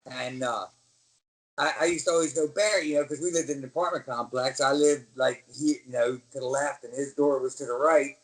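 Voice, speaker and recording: A man's voice: mid-range voice, a little fast, low-quality recording. A middle-aged American man, a former pro wrestler, telling stories in a casual interview and acting out the voices of the people in them. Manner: animated storyteller, acts out quoted voices.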